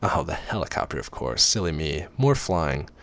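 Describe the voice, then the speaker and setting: A man's voice: rumbling low, very animated, moderate pace, fairly bright tone, full character voice. A man voicing a shy, nervous young woman in a storybook reading, speaking tentatively.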